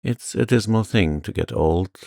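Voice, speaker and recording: A man's voice: lowish voice, a little slow, vocal fry, dark tone, no echo, studio quality. A man voicing a proud, lonely older woman in a storybook, talking bitterly and unbendingly. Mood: wistful.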